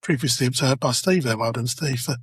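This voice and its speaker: A man's voice: mid-range voice, fairly quick, a bit bright, husky, no room sound. A British man hosting a comedy history podcast, teasing his co-hosts as he tells the story. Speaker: podcast host.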